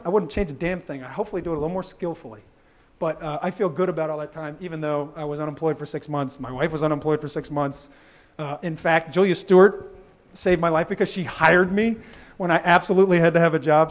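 A man with a fairly high voice speaks quickly through a presentation. He is animated, slips into playful quoted voices and chuckles at his own jokes. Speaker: conference speaker. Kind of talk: presentation talk.

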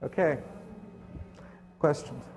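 Speaking slowly in a darkish tone over soft background music, a man delivers a conference presentation with sardonic, dry humor. The hotel conference hall adds a long reverb.

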